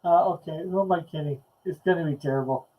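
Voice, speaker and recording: A man's voice: fairly high pitch, fast talker, dull audio. A man hosting a late-night live stream chat, reading comments aloud in a laid-back, chuckling way. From Canada. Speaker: host.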